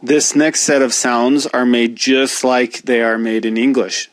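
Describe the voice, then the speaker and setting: A man teaching a pronunciation lesson, speaking slowly and deliberately as he demonstrates each sound. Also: medium pitch, level tone, no echo. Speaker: language teacher.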